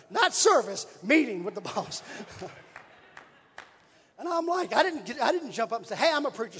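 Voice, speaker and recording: High, husky preacher man. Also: a bit bright. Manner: folksy, repetitive storytelling with rising preaching emphasis. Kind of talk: sermon storytelling. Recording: long reverb in a large hall.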